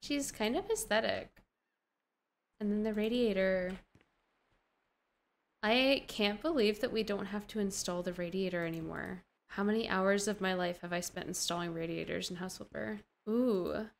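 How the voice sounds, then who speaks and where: A woman's voice: medium pitch, normal speed, gravelly. A young woman casually commenting on a building game as she plays, gushing and gasping with delight, talking to herself in slangy asides. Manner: slang-heavy, talks to herself while playing. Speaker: gaming streamer.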